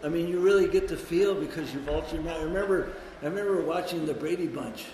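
A man in his twenties tells his story to a meeting, slightly higher-voiced than most men. He swears casually and jumps up high when he acts out voices. The sound is very echoey, with a long hall reverb and a faint hiss underneath. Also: fast, a little mellow. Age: 20s. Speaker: recovery meeting speaker. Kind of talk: personal recovery share to a group.

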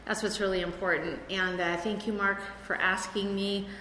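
Chatty rambling speaker, from Chicago, recovery meeting share, bright voice, echoey hall. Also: female voice, medium pitch, flat delivery, moderate pace, slight background noise. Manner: chatty, rambling with many fillers. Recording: echoey hall with room ambience.

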